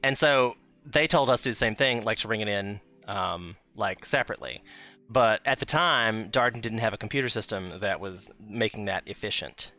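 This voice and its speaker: A man in his thirties hosting a casual podcast chat, telling animated stories with swearing. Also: fairly low pitch, moderate pace, faint music behind. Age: 30s. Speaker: podcast host.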